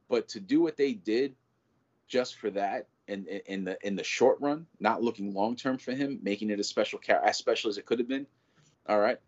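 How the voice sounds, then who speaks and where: A man talking in a casual chat as a show's co-host, animated and profane, rambling with lots of restarts. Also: on the low side. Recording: dull lo-fi audio.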